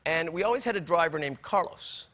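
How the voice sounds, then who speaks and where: A man in his sixties, a talk show guest, telling a comic anecdote with animated delivery, stammered restarts and acted-out voices. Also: on the high side, fairly quick. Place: television studio with live audience.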